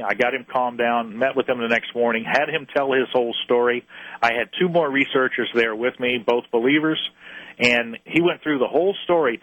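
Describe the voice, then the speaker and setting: A man's voice: medium pitch, a bit bright, dry recording, rough recording. A man who researches UFO experiences, earnestly recounting one of his cases in an interview and often restarting his phrases. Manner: earnest storyteller, halting restarts.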